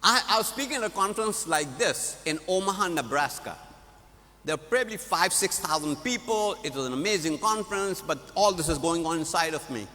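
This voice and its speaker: A middle-aged man preaching at a conference, telling a story in an animated way. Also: a little high, brisk. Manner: animated storyteller, laughs at his own story. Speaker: conference speaker. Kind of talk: storytelling sermon. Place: large conference hall. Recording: echoey hall.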